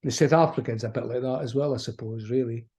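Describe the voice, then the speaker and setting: Talking fast in a medium-pitched, darkish voice, a middle-aged man with an Aberdeen Scottish accent rambles through a casual interview as an actor guest, restarting many times.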